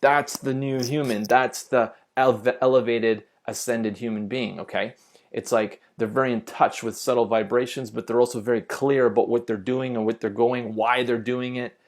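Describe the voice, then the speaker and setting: A man's voice: mid-range voice, fairly even intonation, moderate pace. Earnest man giving a spiritual talk. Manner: earnest, repeats points, asks "okay?" to check in. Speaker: spiritual teacher. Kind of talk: unscripted video lesson.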